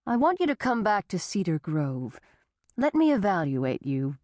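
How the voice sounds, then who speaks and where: A woman voicing a male doctor who speaks calmly, clinically and patronizingly. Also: medium pitch, moderate pace, dry recording, clean studio sound, natural voice. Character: calm, condescending male doctor on the phone.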